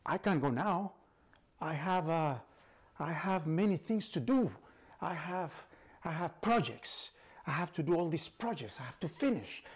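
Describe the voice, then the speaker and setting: A man voicing a startled, pleading elderly male scientist who protests in rapid, stammering bursts. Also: medium pitch, slightly rough.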